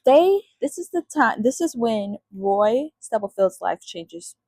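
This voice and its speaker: A woman's voice: on the high side, big pitch swings, slow, a little mellow, slightly rough, no echo. A woman host retelling a story in a chatty, casual way, with many fillers. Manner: chatty, full of fillers like "like" and "you know". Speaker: podcast host.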